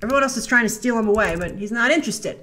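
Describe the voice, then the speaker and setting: A woman's voice: a little high, rapid-fire, pushed and bright. A woman hosting a casual trailer breakdown, chatty and sarcastic, now and then mocking the characters in made-up voices. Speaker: host.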